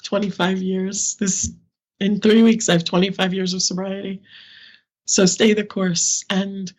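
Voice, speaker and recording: A woman's voice: medium pitch, level tone, measured pace. A woman in her fifties from Brooklyn, a podcast guest speaking candidly and animatedly with frequent laughs. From Brooklyn, New York, US. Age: 50s. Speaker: podcast guest, social media consultant. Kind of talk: candid interview conversation.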